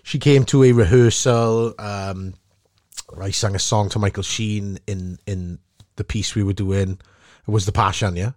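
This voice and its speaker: A Welsh man hosting a podcast, telling an animated story and laughing easily. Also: fairly low pitch, a little slow, no room sound, clean studio sound. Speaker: podcast host, actor. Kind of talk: casual chat, storytelling.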